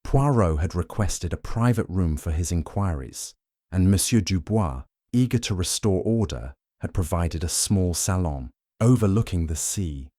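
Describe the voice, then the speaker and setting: A man narrating a mystery audiobook in a measured, scripted storytelling style. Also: sits low, lively intonation, dark tone, dry recording, studio quality.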